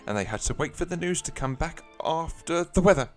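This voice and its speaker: A man's voice: fairly high pitch, lively intonation, a little fast, faint music behind. A man hosting a radio show, reading out a comic fan fiction with lots of giggling. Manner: giggly, playful storytelling. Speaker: radio host.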